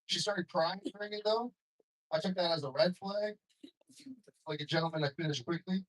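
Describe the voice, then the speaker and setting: A man's voice: sits high, normal speed, a little hiss or hum, poor audio. Young man doing stand-up in a club. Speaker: stand-up comedian. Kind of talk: stand-up comedy set. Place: comedy club stage with audience.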